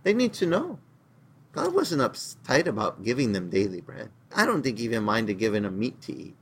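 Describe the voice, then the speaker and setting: A man preaching a sermon, telling Bible stories with lively acted-out voices for the characters. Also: moderate pace, a little hiss or hum. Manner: animated storytelling, acting out biblical characters in pitched-up voices. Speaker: pastor.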